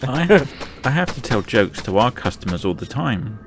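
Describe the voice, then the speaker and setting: A man's voice: mid-range voice, sing-song, normal speed. A man bantering playfully and teasing friends during a game session over a noisy voice chat. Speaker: game player. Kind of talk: casual gaming chat.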